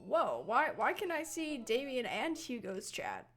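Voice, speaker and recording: A young woman plays through a dating game, reading its lines and tossing off playful, profane asides. Her voice is high and very lively in pitch. Faint music runs underneath. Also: measured pace. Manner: playful, swearing, laughing asides. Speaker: gaming streamer. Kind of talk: let's-play commentary and reading game text.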